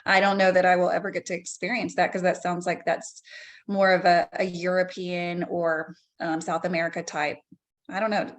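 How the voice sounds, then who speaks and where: A woman's voice: fairly low pitch, little pitch movement, normal speed. A woman hosting a casual fan podcast, chatting and reading quotes aloud. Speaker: podcast host. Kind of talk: casual chat.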